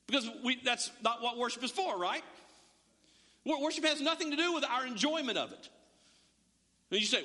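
A man's voice: extremely high pitch, animated, moderate pace, long pauses, bright, forceful tone. A male pastor giving a conversational sermon in a church, full of stammering restarts and joking asides. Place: church sanctuary. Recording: long church reverb.

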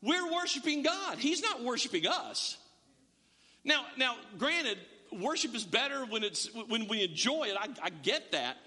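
A man's voice: very high-pitched, big pitch swings, measured pace, bright, forceful tone. A male pastor giving a conversational sermon in a church, full of stammering restarts and joking asides. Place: church sanctuary. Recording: long church reverb.

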